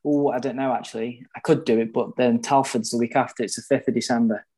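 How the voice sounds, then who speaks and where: A man co-hosts a relaxed podcast chat. His voice sits in a middle range, and he jokes and teases freely. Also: mid-range voice, fast talker, breathy edge. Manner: joking, laughs easily. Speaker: podcast co-host. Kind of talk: casual chat.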